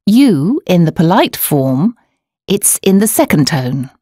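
A woman reads a beginner language lesson with clear, measured explanations. Her voice sits a little low but moves lively up and down. The studio sound is dry and close. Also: no echo. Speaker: language course narrator. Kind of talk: scripted instructional narration.

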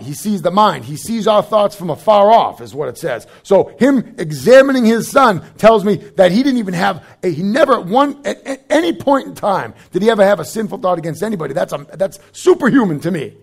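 A man's voice: high voice, creaky. A young adult man preaching a sermon as pastor, conversational and joking, with frequent asides.

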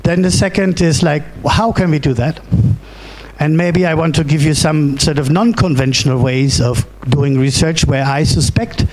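A middle-aged man with a German accent delivers a keynote at a conference. His voice sits a little high for a man. He speaks haltingly, restarts often and keeps asking "right?". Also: a little mellow. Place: conference hall.

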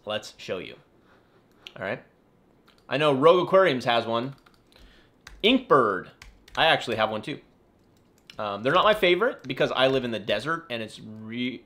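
Male streamer, mid pitch with lots of swing, loose and talky, stumbles and backtracks often. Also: very animated, moderate pace, pauses often, bright, forceful tone. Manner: chatty, rambling, self-correcting, apologetic asides. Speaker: aquarium YouTuber answering viewer questions. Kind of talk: casual live-stream Q&A. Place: home in the California desert.

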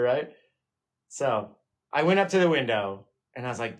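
A man hosts a live painting stream and tells a rambling, self-mocking story to his viewers. He laughs often, and his voice sits at an ordinary middle pitch for a man. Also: moderate pace. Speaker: livestream painting host. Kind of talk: casual chat with live viewers.

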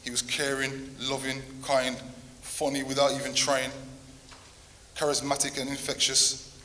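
A man reading a eulogy for the grandfather who raised him, with a steady, even delivery. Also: medium pitch, a little slow. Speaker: grandson giving a tribute. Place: church. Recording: long hall reverb, faint noise.

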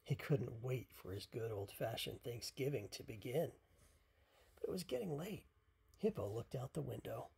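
A parent reading a picture book aloud at bedtime, softly and half-whispered. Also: mid-range voice, gravelly, slightly rough. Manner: soft, half-whispered, unhurried.

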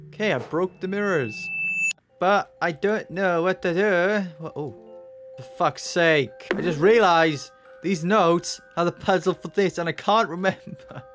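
A gamer commentating a horror game, shrieking and swearing in panic at the scares, then muttering quietly while working out puzzles. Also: mid-range voice, expressive, unhurried, music in the background. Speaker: let's play gamer.

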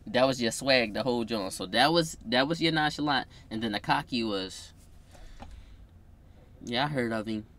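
Teasing young man, bright voice. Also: mid-range voice, normal speed. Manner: playful teasing, loud bursts. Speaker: vlogger. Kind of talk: casual couple chat.

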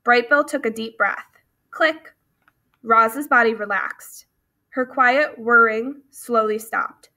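A woman reading a children's novel aloud with steady, clear storytelling and a few small slips. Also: a little high, slow pace. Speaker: audiobook reader.

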